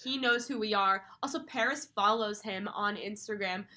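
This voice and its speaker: Bright-voiced giggly young woman. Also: mid-range voice, normal speed. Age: young adult. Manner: giggly, excitable. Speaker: podcast co-host. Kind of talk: casual chat.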